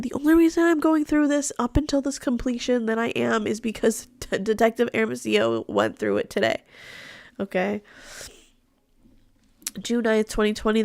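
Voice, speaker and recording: A young woman hosts a live true crime recap, blunt and casual, swearing freely and laughing as she talks. Her mid-range voice sounds nasal and stuffed up, recorded in studio quality with no echo.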